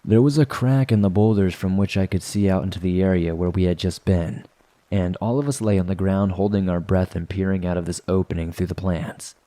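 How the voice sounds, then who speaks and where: In a low voice, a man narrates a first-person horror story from a script, keeping his delivery steady and measured.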